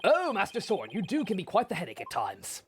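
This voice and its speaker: A woman's voice: medium pitch, huge pitch swings, fast, a little hiss or hum. A woman voicing a prim, scolding male butler with put-on posh diction. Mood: fussy. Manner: attempted posh diction without a British accent.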